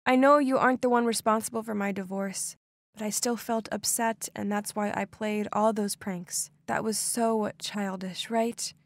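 A woman voicing a soft-spoken remorseful young sister. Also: mid-range voice, steady tone, moderate pace, no room sound, natural voice. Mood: sheepish.

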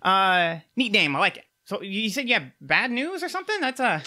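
A man's voice: high voice, sing-song, brisk, bright, forceful tone, pitched above the performer's own voice, full character voice. A man voicing a nervous male gnome inventor who stammers and fills his speech with hesitations. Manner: stammering, full of "uh"s.

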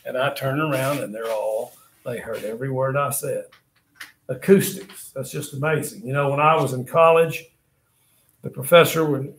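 A man lecturing a history class, talking with a slightly high voice. He tells the story with lively asides and keeps reminding students to take notes. The classroom around him is echoey. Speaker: history teacher.

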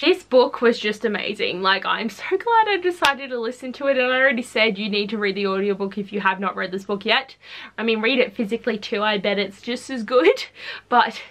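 Excitable young woman, bright voice. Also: on the high side, a little fast. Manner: gushing and excitable, peppered with "like". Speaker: book reviewer. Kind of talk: casual book review vlog.

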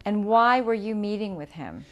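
A woman's voice: mid-range voice, expressive, moderate pace. A woman interviewer asking brief, direct questions in an oral history interview.

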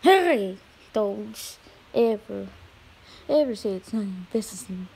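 A woman voicing a bossy friend who scolds with loud bursts in a homemade toy skit. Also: fairly high pitch, expressive, normal speed, slightly rough. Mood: scolding.

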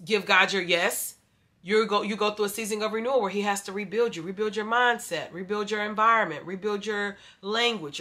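A young adult woman vlogger chats casually with her viewers about faith and her plans, calling them "y'all." Her medium-pitched voice is pushed and bright, and she sounds a little stuffy from allergies.

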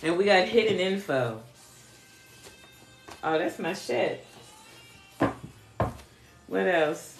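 A woman's voice: fairly low pitch, animated, slow pace, gravelly, pauses often, reverberant, over music. A woman giving a casual live card reading, talking bluntly with profanity, laughing often and chatting with viewers. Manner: chats with viewers. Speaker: spiritual card reader.

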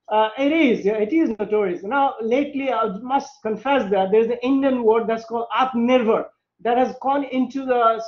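A man's voice: extremely high pitch, darkish tone. A man presenting at an academic panel on language teaching, often stopping to repeat words as he builds his sentences. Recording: echoey room, dull lo-fi sound.

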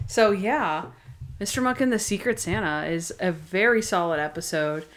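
A young woman co-hosting a podcast, chatting casually and excitedly about TV episodes, full of "like" and acting out bits of dialogue. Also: lowish voice, normal speed. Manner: chatty, full of "like", acts out characters' lines. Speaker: podcast co-host. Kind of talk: casual chat recapping TV episodes.

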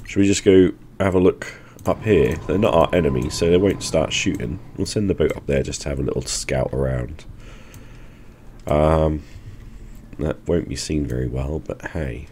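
Deep-voiced man musing over game moves. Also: normal speed, a little mellow, a little hiss or hum. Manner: thinking aloud while planning moves. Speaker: gaming channel host. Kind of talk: casual gameplay commentary.

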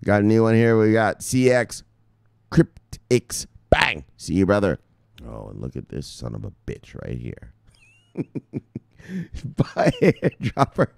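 Middle-aged man, low voice, hyped vlogger, swings up and down a lot, profane. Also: slow pace, gravelly, long pauses, no room sound, clean studio sound. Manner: excitable, profane, shouting "bang" at viewers. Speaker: crypto news vlogger. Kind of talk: casual hyped-up commentary.

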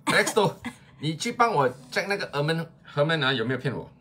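A man's voice: on the high side, expressive, brisk, bright, forceful tone, husky. A Singaporean man in his fifties selling on a live stream, chatting casually with playful teasing and exaggerated pleas. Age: 50s. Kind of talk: casual live-sale chat.

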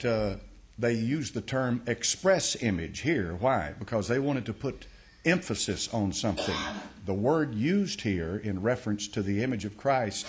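Folksy pastor teaching a sermon. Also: male voice, mid-range voice, darkish tone. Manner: folksy, explains step by step, many restarts and uh.

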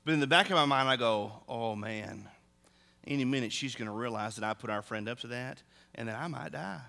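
A long, hall-like reverb surrounds this middle-aged male pastor as he preaches in the church sanctuary. Speaking fairly quickly in a creaky, pushed, bright mid-range voice, he weaves humorous, animated stories into his sermon.

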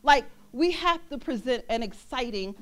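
A young woman minister preaching a sermon in a church, animated, laughing often and breaking into song. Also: high voice, normal speed.

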